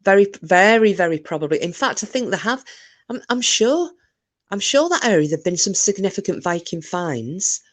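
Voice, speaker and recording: A woman's voice: mid-range voice, sing-song, moderate pace. A woman hosting a casual live-stream chat, rambling and self-interrupting with frequent jokes. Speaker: livestream host.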